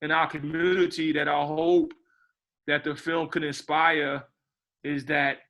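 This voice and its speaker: Bright-voiced man director, rambling. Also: fairly high pitch, steady tone, unhurried. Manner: rambling, repeats words, says "you know what I mean". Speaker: film director interviewed. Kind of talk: casual interview talk.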